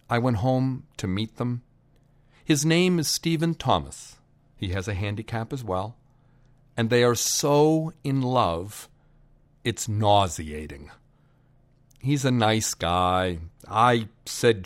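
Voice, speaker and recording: A man telling a personal family story to listeners, unhurried, pausing for effect, and raising his voice for quoted shouts. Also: lowish voice, expressive. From Boston area.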